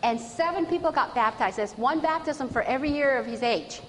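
A woman training church members, telling stories with lively earnest enthusiasm. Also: high-pitched, brisk, long reverb tail, poor audio. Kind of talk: storytelling talk to an audience.

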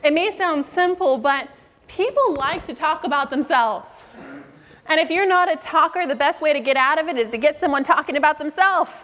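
A woman with a high voice preaches a sermon and tells a story, acting out the people in it. Her voice rings with a long reverb in a big hall. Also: fairly bright tone. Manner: storytelling, acts out quoted voices.

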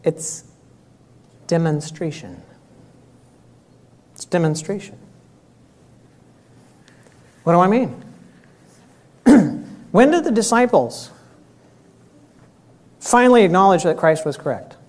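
Male preacher, sermon, animated, throat clearing, acts out voices. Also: high voice, slow pace, pauses often. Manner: animated, acts out dialogue with raised voice.

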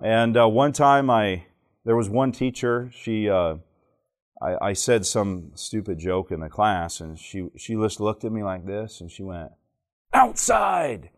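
Unhurried, with a voice on the low side, a southern man from Alabama teaches at church in front of a live audience. Jokey anecdotes fill his talk, and he keeps asking his listeners questions.

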